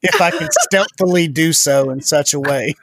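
A man's voice: a little high, normal speed, vocal fry, a bit bright, breathy edge. Casual joking man at the game table. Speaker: player.

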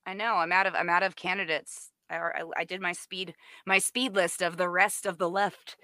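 A woman's voice: fairly low pitch, little pitch movement, moderate pace, sharp tone, dry recording, studio quality. A woman co-hosting a live call-in radio show, talking playfully and laughing easily. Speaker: radio co-host.

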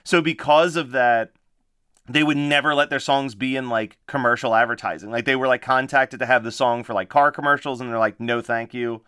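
A man's voice: medium pitch, a little fast, sharp tone, smooth, dry recording, clean studio sound. A man co-hosting a casual podcast chat about movies and music, talking with lots of fillers and frequent laughs. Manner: chatty, laughs often, many fillers. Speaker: podcast co-host.

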